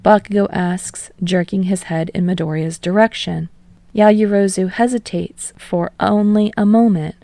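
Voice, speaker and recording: A woman reading fan fiction aloud as a podfic reader in steady, measured narration. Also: mid-range voice, no room sound.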